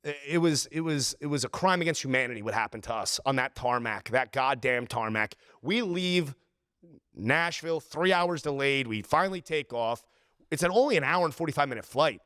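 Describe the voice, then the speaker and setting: A man hosting a podcast, telling an exasperated travel story in a casual, animated way. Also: medium pitch, moderate pace, clean tone, no room sound, studio quality. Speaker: podcast host.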